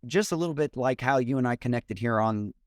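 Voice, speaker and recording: A man, a mortgage loan officer and podcast guest, talking in an energetic, expressive way over a remote call. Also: mid-range voice, brisk, no room sound, clean studio sound. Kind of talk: casual interview talk.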